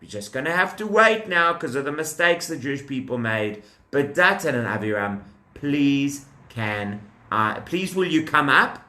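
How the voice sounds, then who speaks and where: A man voicing a humble leader who speaks softly and pleads gently in a children's story. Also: mid-range voice, very animated, normal speed. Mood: pleading. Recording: echoey room.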